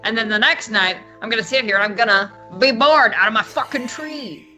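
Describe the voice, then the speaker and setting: Woman playing a grumpy bored guy, swears a lot, sour, bright voice. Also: fairly high pitch, brisk, soft background music, pitched above the performer's own voice, rough recording. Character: bored, grumpy man stuck at work.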